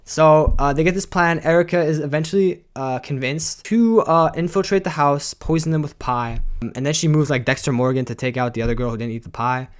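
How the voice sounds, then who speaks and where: This young man has a slightly high voice and talks in loose, slangy rambles. He sounds like a streamer casually recapping a show for his viewers. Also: fairly quick, clean tone. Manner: slangy and rambling, keeps saying bro and guys.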